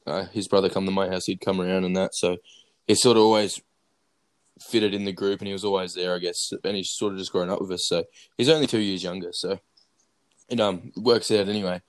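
A man's voice: low-pitched, steady tone, brisk, dry recording. A young man telling a story to his mates on a podcast, loose and full of swearing and laughter. His voice sits dry and close, with no room around it. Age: young adult. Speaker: podcast host. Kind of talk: casual chat with mates.

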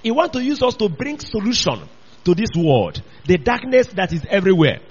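A man's voice: sits high, sing-song, moderate pace, slightly rough. A man preaching a sermon, emphatic and repetitive, often calling out to his listeners. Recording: dull lo-fi recording.

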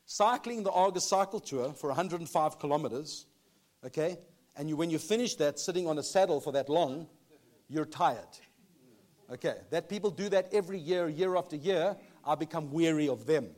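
A man's voice: on the high side, moderate pace. A man preaching a sermon, reading Bible passages and often checking in with "okay?". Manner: animated, repeats "okay?" to the congregation. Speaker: pastor.

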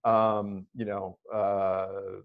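Male interviewer, halting and rambling delivery, dull lo-fi recording. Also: fairly low pitch, little pitch movement. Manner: hesitant, rambling with fillers and restarts. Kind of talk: conversational interview. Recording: slightly dull, lo-fi audio.

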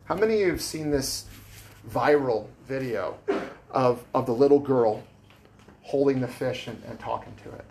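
A man's voice: medium pitch, animated, moderate pace, a little mellow, a little hiss or hum. A man preaching a sermon as pastor, conversational and plainspoken, with casual asides to the congregation. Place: church sanctuary.

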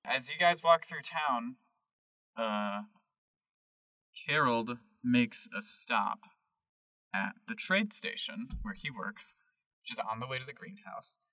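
A man's voice: mid-range voice, expressive, slow pace, pauses often, sharp tone, far from the mic, poor audio. A man narrating a tabletop game as game master, laughing often and filling gaps with hesitant ums.

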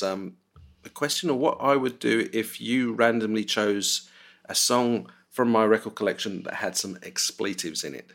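Middle-aged dad on a podcast, lowish voice, jokey and laughing at himself. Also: male voice, a bit bright. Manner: jokey, chuckling, self-mocking. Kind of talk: casual chat.

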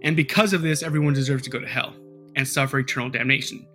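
A man's voice: medium pitch, fairly even intonation, fast talker, pushed and bright, soft background music. A man hosting a casual podcast, telling a story in a rambling way with lots of fillers and swearing. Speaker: podcast host.

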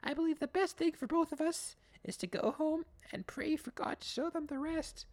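A man voicing an earnest, confused young woman in a high, drawn-out falsetto. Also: darkish tone. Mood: distraught.

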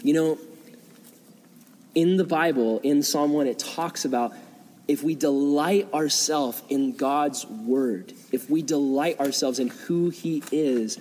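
A young man, a youth pastor, telling a story in a sermon, animated and acting out quotes with casual fillers, in a large hall before an audience. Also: on the high side, takes it slowly, slight background noise. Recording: long reverb in a hall.

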